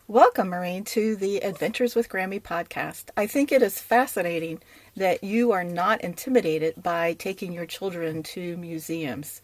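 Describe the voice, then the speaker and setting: An older woman hosting a podcast, who interviews guests in a measured way and reads scripted introductions. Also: fairly low pitch, no echo, faint music behind. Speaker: podcast host.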